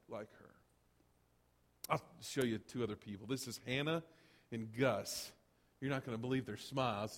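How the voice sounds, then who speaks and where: A middle-aged male pastor telling stories in a sermon, swinging from loud to hushed. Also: mid-range voice. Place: church sanctuary. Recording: long hall reverb.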